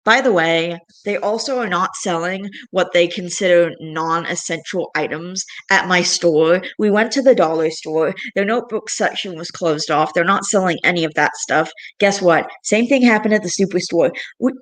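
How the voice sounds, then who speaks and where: A woman's voice: on the low side, normal speed, hardly any pauses. A young woman vlogging, venting in a rambling, frustrated way with frequent sighs. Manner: frustrated, rambling, sighing often. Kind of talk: casual venting monologue.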